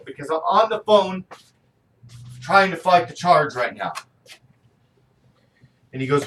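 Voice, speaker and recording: A man's voice: on the high side, animated, moderate pace, long pauses, a bit bright. Middle-aged man venting, distant mic. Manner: candid, venting, swears often. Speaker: vlogger. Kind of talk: personal video diary. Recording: distant mic with faint background noise.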